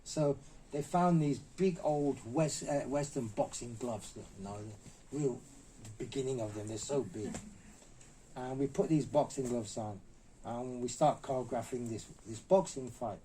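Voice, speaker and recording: A middle-aged martial artist, interviewed as a guest, tells anecdotes animatedly, acting out the quotes in a raised voice. His medium-pitched, warm voice moves at an unhurried pace, and the low-quality recording carries a little hiss or hum.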